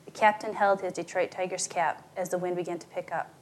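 A woman reading a short story aloud as narrator, shifting her pitch and volume for the dialogue. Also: fairly even intonation, brisk, slight background noise.

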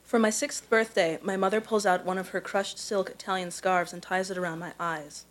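A woman with a somewhat low voice reads her personal essay aloud at a live event. She tells it carefully and evenly, letting the prose carry it. She grew up in Missouri. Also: fairly even intonation, rough recording. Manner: measured, careful storytelling delivery. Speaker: contest winner reading her own prose.

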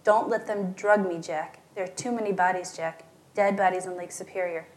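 A woman voicing a distraught, frantic young woman who pleads in a rising, high pitch. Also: steady tone, moderate pace, lightly acted. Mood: pleading.

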